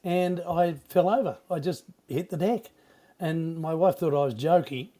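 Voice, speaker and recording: An older Australian man, a veteran radio broadcaster, reminiscing in a rambling, halting way with many restarts. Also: on the high side, mellow. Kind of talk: casual reminiscing interview.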